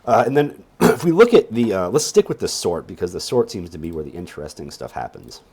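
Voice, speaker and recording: A man's voice: low voice, big pitch swings, fairly quick, darkish tone, slight background noise. A sleepy man teaching a casual screen-share tutorial on databases, rambling along with wry joking asides. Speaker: database instructor.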